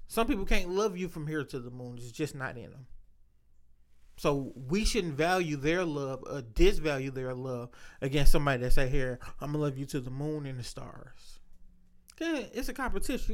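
A man's voice: a little high, sharp tone. A man in casual chat, telling loose, profane stories full of slang.

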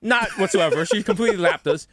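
A man's voice: high voice, fast talker, slight background noise. A man co-hosting a podcast in casual chat, telling stories with lots of energy and acting out the people he quotes. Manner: animated storyteller who acts out quoted people. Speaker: podcast co-host.

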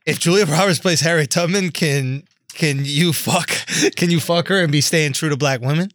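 A man's voice: on the high side, normal speed, a bit bright, slight background noise. Teasing joking male co-host. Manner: joking, teasing, keeps pushing a bit. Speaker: podcast co-host. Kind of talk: casual chat.

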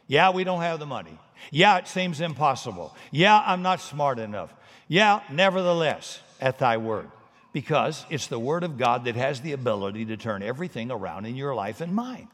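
Animated pastor preaching in a reverberant hall. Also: male voice, medium pitch. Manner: animated preaching with sudden drops to quiet asides. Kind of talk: sermon. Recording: long reverb of a large hall.

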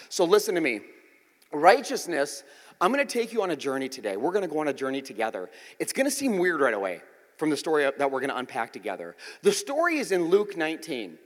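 Checking in with an "okay?" again and again, a male pastor gives a lively, joking sermon in a high voice that keeps swooping up and down. The church sanctuary adds long reverb, like a big hall.

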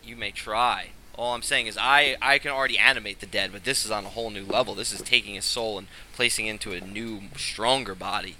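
A man's voice: lowish voice, steady tone, a little fast, hardly any pauses, sharp tone, slight background noise, rough recording. A man playing a wizard in a tabletop game, arguing persuasively for his side. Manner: persuasive, argumentative. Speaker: player as a wizard. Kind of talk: tabletop role-play.

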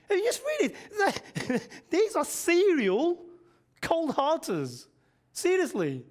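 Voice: sits high, huge pitch swings, a little slow. Preacher quizzing the congregation. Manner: conversational, quizzes the congregation, frequent rhetorical questions; chuckles often mid-sentence. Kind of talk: sermon.

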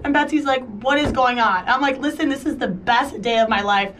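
Chatty woman co-host, high voice. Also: fairly quick, a bit bright, recorded from a distance, a little hiss or hum. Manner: chatty, acts out quoted dialogue. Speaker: podcast co-host. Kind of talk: casual storytelling chat.

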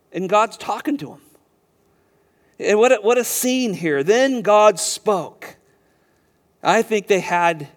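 A man preaching an expository sermon, emphatic and slowing down to stress key words. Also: high-pitched. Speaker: pastor. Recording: long hall reverb.

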